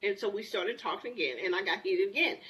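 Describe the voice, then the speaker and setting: A woman in her sixties, a talk show guest, telling a personal story in a lively, candid way. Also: mid-range voice, fast talker, low-quality recording.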